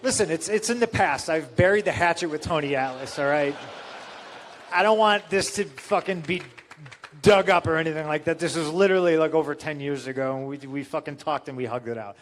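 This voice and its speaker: Guy telling a wild story, blunt and swears a lot, kinda high voice. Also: a little fast, slight background noise. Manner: blunt, animated, quotes others in voices. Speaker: wrestling guest. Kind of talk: casual profane storytelling.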